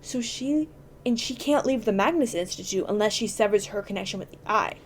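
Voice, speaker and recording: A woman's voice: mid-range voice, a little fast, slight background noise. A woman hosting a podcast, chatting casually and explaining at length with enthusiasm and plenty of fillers. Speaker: podcast host.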